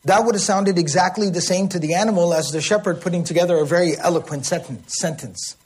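A man's voice: sits high, fast, breathy edge. A man teaching a religious language lesson, explaining word meanings and often checking in with his listeners. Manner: acts out calls and shouts.

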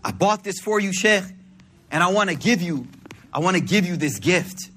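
A man's voice: high voice, expressive, normal speed, a bit bright, pitched below the performer's own voice. A man voicing an eager, sheepish male gift-giver who stammers as he talks.

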